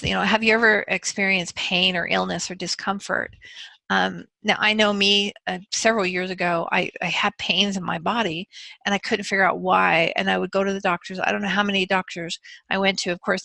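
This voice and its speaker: A woman who works as a soul regression practitioner, talking earnestly and gently to her viewers with frequent fillers. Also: mid-range voice, gravelly, no echo. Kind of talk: casual talk to camera.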